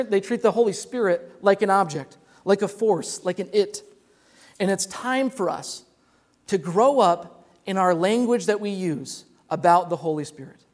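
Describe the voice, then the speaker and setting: A man's voice: sits high, a little mellow. A young man preaching a sermon as pastor, earnest and repeating words as he explains.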